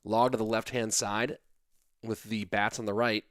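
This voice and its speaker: A man's voice: on the low side, little pitch movement, moderate pace, a bit bright, no echo, clean studio sound. A tired man in his thirties casting an esports match on a live stream, chatting casually and reading viewer comments aloud between plays. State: sleepy. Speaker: esports caster.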